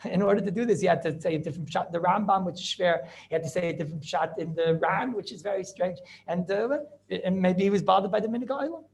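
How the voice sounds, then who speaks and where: A middle-aged rabbi giving an informal yeshiva class. He is animated and rhetorical, keeps asking "right?", and mixes Hebrew and Yiddish terms into his talk. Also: high-pitched, quick pace, creaky, few pauses. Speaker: rabbi teaching a halacha class.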